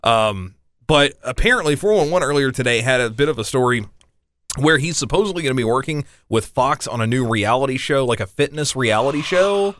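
A man hosting a casual chat, animated and quick to slip into mocking voices. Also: mid-range voice, no room sound, studio quality. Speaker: podcast host.

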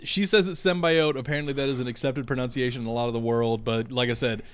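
Man, podcast co-host, casual chat, laughs a lot, steers topics, mid pitch. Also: steady tone, fast.

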